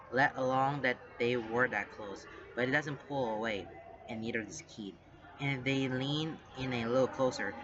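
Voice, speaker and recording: Calm male story reader, lo-fi. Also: mid-range voice, background noise. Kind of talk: reading fan fiction aloud.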